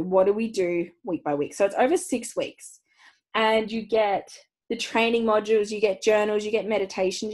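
A woman coaching other mums on an online call, giving a chatty sales pitch for her program, bubbly, swearing freely and laughing often. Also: a little mellow, slightly rough, poor audio. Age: young adult. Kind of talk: live webinar sales pitch.

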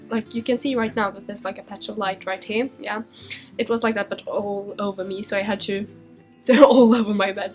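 Swedish teen girl rambling to the camera in her bedroom, giggly, voice a bit strained, quiet music behind. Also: medium pitch. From Sweden. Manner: rambling, giggly, self-interrupting. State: strained, fading voice. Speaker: vlogger. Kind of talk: casual chat answering viewer questions.

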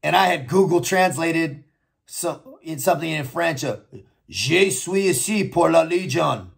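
A man's voice: fairly high pitch, vocal fry, slightly rough. An American man telling his own story in a blunt, profane and reflective way. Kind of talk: personal storytelling monologue.

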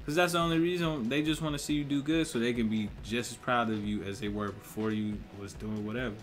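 A man's voice: mid-range voice, steady tone, fast, faint music behind. A young man, a musician, rambling in a casual monologue, full of cursing, slang and laughter. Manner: profane, laughing, slangy storytelling.

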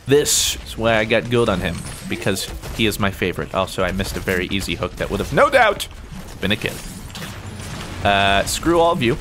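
A young man talks through his gameplay in a playful, excitable way. His pitch jumps all over the place, from low mock-serious asides to sudden high yelps. Faint game music plays softly behind him. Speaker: gaming YouTuber. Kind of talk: casual gameplay commentary.

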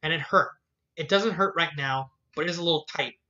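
A man voicing a shy, bookish young woman who speaks in halting, unsure phrases. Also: a little high, pushed and bright, dull audio. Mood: fragile.

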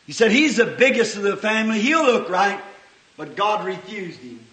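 High, bright-voiced man preaching passionately. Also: big pitch swings, moderate pace. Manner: impassioned preaching that swings from hushed to sudden shouts; folksy, homespun phrasing. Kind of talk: sermon. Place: church service with congregation. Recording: echoey old church sermon recording.

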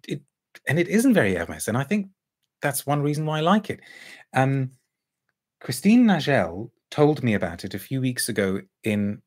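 Male perfume reviewer, thoughtful musing delivery, slightly low and husky. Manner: thoughtful, musing, reads out viewer comments. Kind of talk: casual live review chat.

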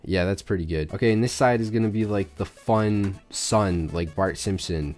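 A man's voice: on the low side, animated, normal speed, few pauses, a little mellow, soft background music. Rambling sick man doodling on stream. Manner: rambling, jokey, talks to chat. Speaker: YouTube drawing creator. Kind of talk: casual drawing commentary.

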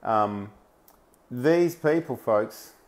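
An Australian man rants in a commentary over news clips. His voice swoops up and down as he mocks, laughs between phrases and stacks up emphatic one-word lists. His pitch sits mid-range for a man. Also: drawn-out words. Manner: animated, mocking, often laughing between phrases; emphatic lists of single words. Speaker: online commentator.

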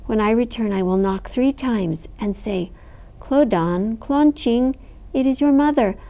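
Lady doing a worried mom in a storybook, mellow voice, earnest. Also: fairly high pitch, measured pace. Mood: anxious. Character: worried mother of young twin girls.

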